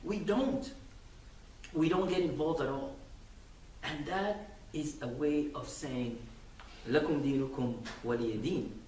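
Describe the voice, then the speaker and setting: A man's voice: mid-range voice, a little mellow, slight background noise. A man giving a Friday sermon, telling stories animatedly with acted quotes. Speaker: preacher. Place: mosque. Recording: echoey mosque hall from far off.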